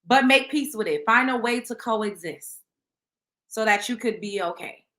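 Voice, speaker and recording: A woman's voice: fairly high pitch, moderate pace, a bit bright, reverberant. A woman hosting a casual celebrity gossip show, talking bluntly and animatedly with lots of profanity. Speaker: show host.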